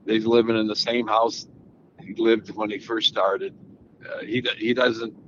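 A man's voice: lowish voice, unhurried. Older guy rambling about golf on a podcast, restarts a lot, kinda muffled audio w faint noise. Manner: relaxed, rambling with frequent restarts. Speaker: golf analyst guest. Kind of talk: casual interview answers. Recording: slightly dull audio with faint background noise.

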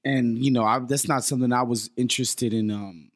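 A man chatting casually on a podcast, slangy and animated. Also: mid-range voice, brisk. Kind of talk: casual chat.

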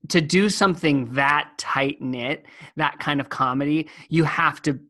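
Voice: mid-range voice, bright, forceful tone. A co-host in a casual chat about a musical, enthusiastic and gushing. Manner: enthusiastic, gushing, quick asides. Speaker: podcast co-host.

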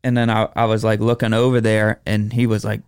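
A man's voice: lowish voice, flat delivery, fairly quick, a little mellow, clear, resonant tone, no room sound, clean studio sound. A man co-hosting a podcast in casual chat, easygoing and recounting events plainly. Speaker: podcast co-host. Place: podcast studio.

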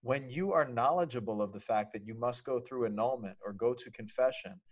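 A man's voice: medium pitch, brisk. A man, a priest co-hosting a podcast, talking in an effusive, emotional way. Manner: effusive and emotional, excited exclamations. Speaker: priest co-host. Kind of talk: casual podcast chat.

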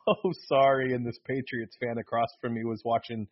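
A man co-hosting a casual sports podcast, rambling and excitable, often correcting himself mid-sentence. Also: medium pitch, brisk. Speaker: podcast co-host. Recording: dull lo-fi podcast audio.

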